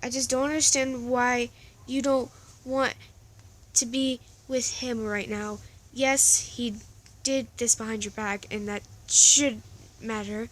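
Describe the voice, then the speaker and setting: A woman's voice: fairly high pitch, fairly even intonation, slow, fairly bright tone, poor audio. A woman reading a story aloud, voicing a blunt young man who lectures his upset friend. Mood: exasperated. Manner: exasperated, lecturing.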